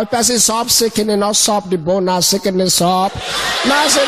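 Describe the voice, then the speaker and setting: A man with a Nigerian Pidgin accent, doing animated stand-up storytelling and shouting his punchlines. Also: high voice, normal speed. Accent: Nigerian Pidgin English. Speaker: stand-up comedian. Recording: noisy recording.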